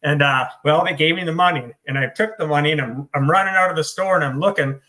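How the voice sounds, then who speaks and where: As an interview guest, a middle-aged American author in recovery shares his recovery story, swearing, blunt, and self-mocking. His voice is a little high, fast, and sharp-toned, and emotion has him choked up.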